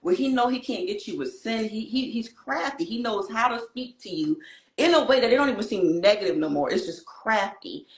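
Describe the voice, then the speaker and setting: A woman co-hosting a casual chat about trading and faith, talking excitedly and preaching a little. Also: fairly high pitch, a little fast. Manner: excited, preachy, African American Vernacular English phrasing. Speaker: co-host. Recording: roomy echo.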